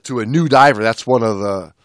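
A man co-hosting a casual podcast, talking as a dive instructor. His voice sits at a middle pitch, and he rambles with frequent restarts. The sound is close and dry. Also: brisk, dry recording. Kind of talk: casual chat.

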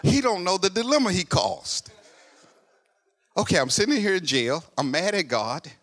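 A male preacher telling a story in a sermon, dropping to a hush, then rising to loud, animated exclamations. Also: sits high, moderate pace. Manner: animated, swinging from hushed narration to loud exclamations.

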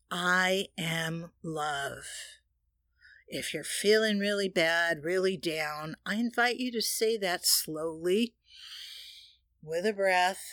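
A woman's voice: lowish voice, a bit bright, dry recording, studio quality. A woman giving a metaphysical spiritual teaching, earnest and leading listeners in repeated affirmations.

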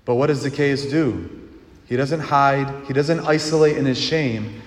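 A man's voice: medium pitch, unhurried. A man giving an earnest sermon as a priest, asking the congregation questions and leading them in a response. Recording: long hall reverb with clear background noise.

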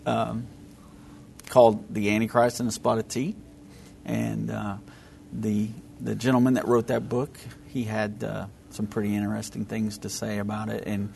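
A man's voice: on the low side, level tone, moderate pace, gravelly, darkish tone, a little hiss or hum. A man from Texas with a Texan accent, co-hosting a casual religious talk show in a laid-back, hesitant way. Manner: laid-back, hesitant, lots of ums and laughs. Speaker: podcast co-host.

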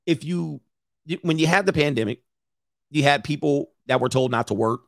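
A man's voice: fairly high pitch, moderate pace, gravelly, no echo. Man, middle-aged, casual stream host, blunt and opinionated, rambling, dry close sound. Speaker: host reading viewer comments. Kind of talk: casual live-stream commentary.

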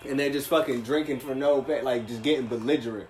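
A young man in casual podcast chat, telling animated stories with heavy slang and swearing. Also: mid-range voice, fast talker, roomy sound, slight background noise.

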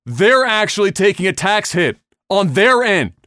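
A man's voice: high voice, very animated, unhurried, sharp tone, no room sound, clean studio sound. A man hosting a casual podcast, ranting bluntly and heatedly with lots of swearing. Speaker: podcast host.

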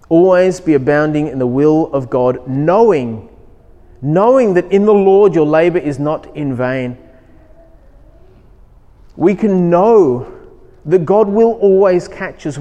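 In a church hall with long reverb, a man with a fairly high, warm voice preaches as pastor. His sermon is built on storytelling, with emphatic rising lines and moments where he performs a child's voice.

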